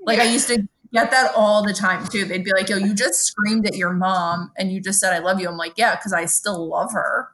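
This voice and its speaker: A woman's voice: medium pitch, fairly even intonation, fairly quick, few pauses, a bit bright. A woman, co-hosting a podcast in casual chat, telling stories animatedly and swearing freely. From Brooklyn, New York. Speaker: podcast co-host.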